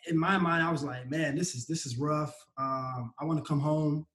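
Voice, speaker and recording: A man who is a sprinter, a guest in a casual conversation, thoughtfully recalling his past with many pauses. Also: fairly high pitch, steady tone, fairly bright tone, roomy sound, poor audio. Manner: reflective, hesitant with many ums.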